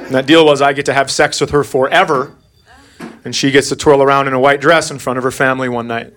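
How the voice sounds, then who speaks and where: A man's voice: mid-range voice, fairly even intonation, fast, background noise. A man in his forties doing a crude, blunt stand-up set on a comedy club stage. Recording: live club with loud crowd. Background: loud audience laughter.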